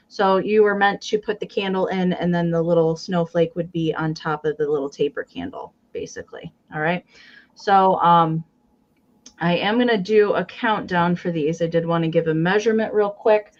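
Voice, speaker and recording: A woman's voice: fairly low pitch, muffled recording. A woman hosting a live-stream sale in a casual, chatty way, describing each item in detail with frequent ums and counting down bids.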